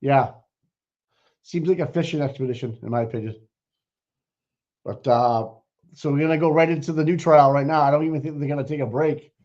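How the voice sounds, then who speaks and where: A man's voice: fairly high pitch, brisk, long pauses, darkish tone. Rambling Boston man on a lo-fi livestream. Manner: rambling, opinionated, laughs often, trails off with fillers. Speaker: livestream co-host. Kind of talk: casual commentary livestream. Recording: dull lo-fi stream audio.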